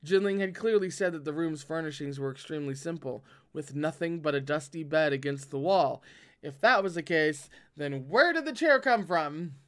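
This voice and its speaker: Man reading a novel aloud, fairly high voice. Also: expressive, normal speed. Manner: dramatic, swearing reactions between passages. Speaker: audiobook reader and reactor.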